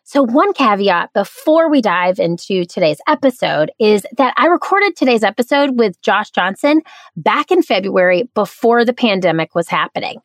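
A woman's voice: medium pitch, no room sound. A woman hosting a podcast, with a nasal twang and an upbeat, playful way of talking. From American South and Midwest. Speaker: podcast host. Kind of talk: podcast intro and host talk.

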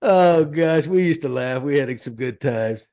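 A man hosting a podcast chat, animated and folksy, often repeating his words. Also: on the high side, measured pace. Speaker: podcast host. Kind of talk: casual chat.

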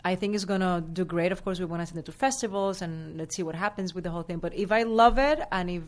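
A woman guest in a casual interview, talking with excitement and laughing as she tells stories. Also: lowish voice, quick pace. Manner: excited, laughing, animated storytelling.

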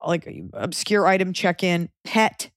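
A woman's voice: fairly low pitch, measured pace, no echo, clean studio sound. Frank, profane woman podcast host. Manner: frank, profane, animated storytelling. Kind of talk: casual podcast chat.

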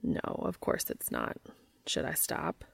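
A woman voicing a gruff, serious and tender adult man in a story reading, speaking slow, low and deliberate. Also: no room sound, natural voice. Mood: earnest, low.

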